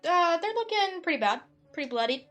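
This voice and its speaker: A woman's voice: very high-pitched, very animated, brisk, a bit bright, soft background music. A young woman narrating casually as game master of a tabletop game, with many fillers.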